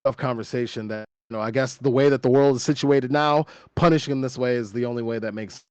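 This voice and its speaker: A man talking on a podcast in a halting, serious way. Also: mid-range voice, fairly even intonation, a little mellow, smooth, dry recording. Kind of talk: casual chat.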